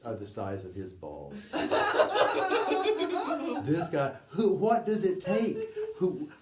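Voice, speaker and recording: A man telling a story to a small group in a rambling, animated way, full of restarts and fillers. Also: medium pitch, slow. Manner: rambling, frequent fillers and restarts, laughing asides. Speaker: storyteller at a spiritual gathering. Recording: echoey room, far from the mic, faint noise.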